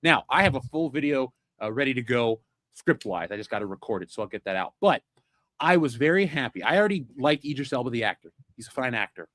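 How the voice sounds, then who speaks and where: A man's voice: medium pitch, sing-song, fast talker, fairly bright tone, no echo, studio quality. A man hosting a pop culture podcast, blunt and opinionated, cursing freely in casual chat. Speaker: podcast host.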